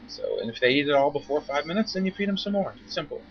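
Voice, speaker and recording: A man's voice: a little high, lively intonation, quick pace, hardly any pauses. A man giving an informal talk as a koi veterinarian, chatty and wry, acting out mock quotes. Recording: dull lo-fi recording with faint noise.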